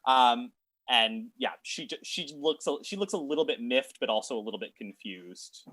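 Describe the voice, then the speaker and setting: A man narrating as game master of a tabletop game, talking in a halting way with many fillers and restarts. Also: medium pitch, animated, a bit bright, no room sound.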